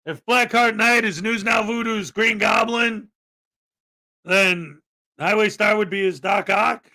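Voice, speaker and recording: A man with a fairly high, bright voice hosts a casual livestream, joking and calling out loudly. He takes an unhurried pace and is playful throughout. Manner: loud, playful, jokey, often shouting. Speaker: show host.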